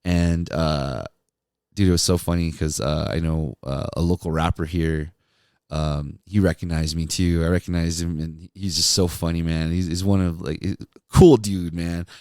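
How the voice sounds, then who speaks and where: A man's voice: deep voice, steady tone, moderate pace, a little mellow, smooth, no echo, clean studio sound. A man who hosts a podcast and used to be a radio DJ, telling stories in a laid-back way, laughing often and saying "dude" and "man". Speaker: podcast host, former radio DJ. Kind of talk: casual storytelling monologue.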